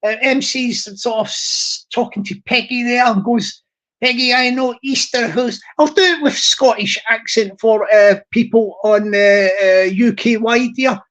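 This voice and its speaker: Slow, chatty woman live-streaming. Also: on the high side, steady tone. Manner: chatty, rambling, laughs often. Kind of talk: casual live stream chat. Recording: dull lo-fi stream audio.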